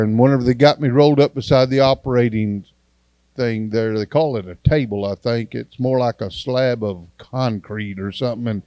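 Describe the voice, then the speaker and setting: A man's voice: a little high, a little mellow, no echo. A man, an evangelist giving a testimony sermon in a church and acting out the dialogue in his story in a folksy way.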